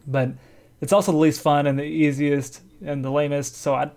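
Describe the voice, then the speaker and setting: A man's voice: a little high, flat delivery, normal speed, darkish tone. A man co-hosting a casual podcast, talking in a loose, chatty way and laughing easily. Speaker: podcast co-host.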